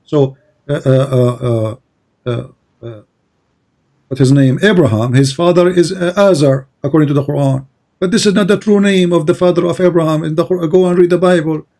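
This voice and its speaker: Arabic-speaking guy lecturing hard in a debate, keeps repeating himself, highish mellow voice. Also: normal speed, creaky. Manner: insistent, lecturing, repeats words. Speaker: debate host. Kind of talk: heated debate.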